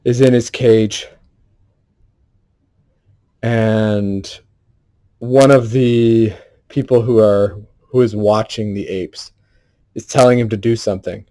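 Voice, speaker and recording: A man talks in an unhurried, deliberate way. He sounds earnest and intense and swears freely. He is on a solo livestream from home. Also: fairly low pitch, steady tone, dark tone. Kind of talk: emotional solo performance.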